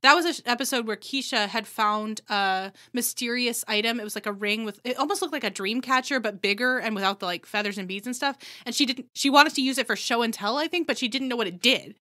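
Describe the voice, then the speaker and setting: High, bright-voiced chatty woman podcaster. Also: fast, hardly any pauses. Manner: rambling and animated, frequent "like" fillers. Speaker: podcast co-host. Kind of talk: casual chat.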